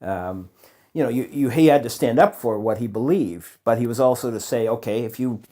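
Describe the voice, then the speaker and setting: A middle-aged man, a chaplain being interviewed, talking in a thoughtful, earnest way with pauses and fillers. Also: mid-range voice, mellow. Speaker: chaplain guest. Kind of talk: conversational interview.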